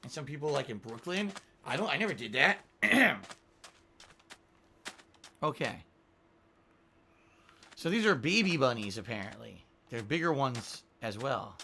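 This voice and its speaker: A man's voice: medium pitch, big pitch swings, a little slow, creaky, long pauses, bright, forceful tone, slight background noise. A man streaming a game live, rambling, thinking aloud and reading out viewer tips. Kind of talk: live-stream gaming commentary.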